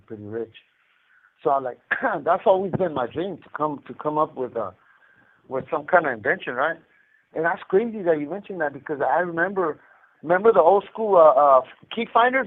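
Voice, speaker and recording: A man calling in from prison, telling stories in a loose, swearing, animated way over the phone. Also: on the high side. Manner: animated storyteller, heavy swearing. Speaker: incarcerated caller. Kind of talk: casual phone chat. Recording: tinny prison phone line.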